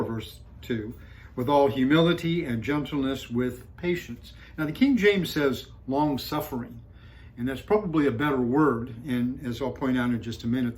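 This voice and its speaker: Calm man preaching with easy fillers. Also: mid-range voice, poor audio. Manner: calm storytelling with frequent fillers, rising for punchlines. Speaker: pastor. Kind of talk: sermon.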